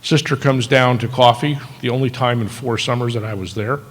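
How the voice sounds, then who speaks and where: A man's voice: mid-range voice, brisk. Man in his sixties telling stories in an echoey hall. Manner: dry, self-deprecating humor. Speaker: keynote speaker. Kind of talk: storytelling ceremony speech. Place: large auditorium. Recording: echoey hall with long reverb.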